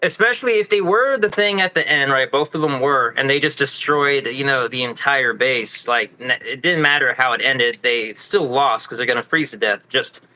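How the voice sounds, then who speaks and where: A man co-hosting a casual podcast, arguing a theory with quick bursts and frequent restarts. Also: medium pitch, pushed and bright, poor audio. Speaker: podcast co-host.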